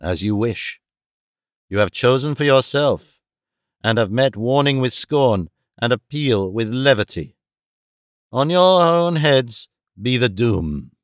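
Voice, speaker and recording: A man's voice: mid-range voice, clear, resonant tone, no room sound, clean studio sound, close to an everyday voice. Stately middle-aged queen of fortune, ominous and imperious, read by a man. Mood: stern, ominous. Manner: slow, grave, commanding. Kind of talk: audiobook reading.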